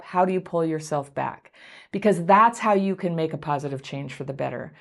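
A woman coaching viewers through a self-help talk, speaking in a gentle, encouraging, conversational way and laughing lightly between points. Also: on the low side, big pitch swings, fairly quick. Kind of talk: advice talk to camera.

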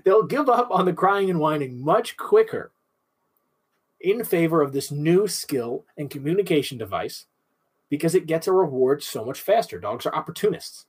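Animated, husky-voiced man explaining. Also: on the high side, moderate pace. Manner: animated, asks himself questions and answers them. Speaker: dog trainer. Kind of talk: instructional talk.

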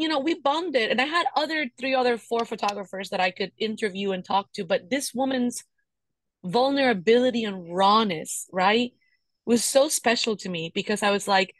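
A woman's voice: mid-range voice, no echo. A young pregnant woman co-hosting a podcast, venting candidly and emotionally about a hard pregnancy, often tagging her sentences with "right?". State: pregnant and tired. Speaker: podcast co-host. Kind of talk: candid casual chat.

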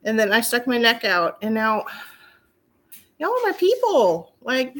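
A woman's voice: a little high, unhurried. A middle-aged woman, telling stories in casual chat, acting out her own quotes. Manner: animated storyteller, acts out quotes, laughs often.

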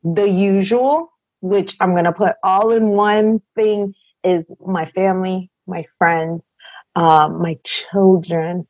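A woman's voice: medium pitch, steady tone, takes it slowly, a little mellow, no room sound, lo-fi sound. A young woman co-hosting a podcast in casual chat, speaking in an earnest, heartfelt way. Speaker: podcast co-host.

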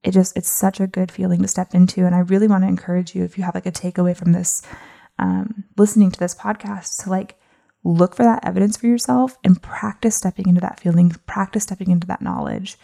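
A young woman talking on her solo coaching podcast, chatty and encouraging, with fillers sprinkled through her sentences. Her voice is mellow and dark, with a gravelly fry at the ends of her phrases, and it sits a little low. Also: fairly even intonation, brisk. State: out of breath. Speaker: podcast host and business coach. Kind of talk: casual solo podcast talk.

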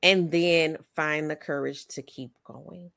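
A woman podcast host and coach in casual interview chat, talking in an animated, motivational way with many fillers. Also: low-pitched, slow, gravelly, no room sound.

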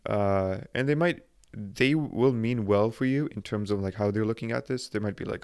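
This is a young man talking straight to his listeners in a solo motivational podcast. His voice sits on the low side, and he speaks earnestly. He restarts his phrases often and leans on filler words as he works through his thoughts. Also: normal speed, hardly any pauses, darkish tone, smooth. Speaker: podcast host.

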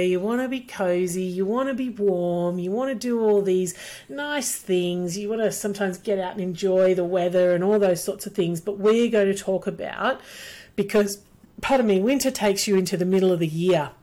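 A woman's voice: mid-range voice, darkish tone. A middle-aged woman, rambling cheerfully through a solo podcast for educators. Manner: chatty, rambling, upbeat. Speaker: podcast host, business coach for educators. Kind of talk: casual solo podcast monologue.

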